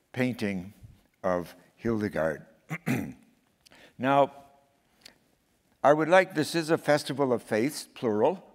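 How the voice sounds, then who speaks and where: Male priest, slow and resonant, guiding a group through prayer and chant, large reverberant hall. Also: medium pitch. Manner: unhurried, gently instructive, repeating names in chant. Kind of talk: spiritual talk and call-and-response chant. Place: large hall at a faith festival.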